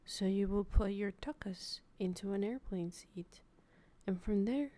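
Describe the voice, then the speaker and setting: A woman putting on a hushed, mock-serious nature documentary narrator, mostly whispering, in a whispered role-play. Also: mid-range voice, unhurried, lightly acted. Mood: hushed solemn.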